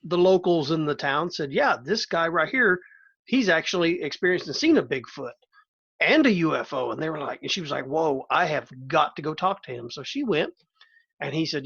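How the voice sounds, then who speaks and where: High-voiced man telling stories. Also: expressive, normal speed, gravelly, a bit bright, dull audio. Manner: storytelling, playful, loose. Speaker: podcast host. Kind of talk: casual chat.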